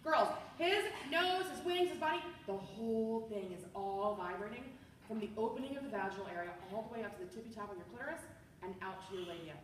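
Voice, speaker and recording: A woman's voice: a little high, fast, slight background noise. Bubbly woman demoing to a group. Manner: bubbly, animated, playful. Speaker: party sales consultant. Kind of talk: product demonstration to a group. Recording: echoey room, far from mic.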